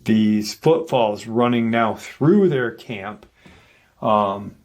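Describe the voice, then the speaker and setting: Slow, low-voiced man retelling an eerie story. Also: animated, darkish tone. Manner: unhurried, hesitant, with many fillers and restarts. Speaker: paranormal storyteller, channel host.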